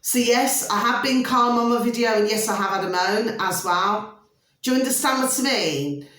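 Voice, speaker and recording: A woman's voice: a little high, moderate pace, a bit bright. Emphatic woman ranting to camera. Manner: repetitive, keeps asking "do you see what I'm saying"; emphatic, peppered with "flipping". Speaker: video blogger. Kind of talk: casual talking-to-camera rant. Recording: echoey room.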